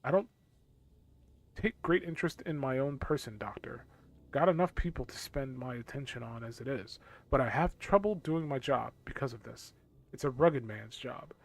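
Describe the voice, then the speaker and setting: A man's voice: mid-range voice, moderate pace, vocal fry. A man voicing a weary, grumbling male town guardsman from a game.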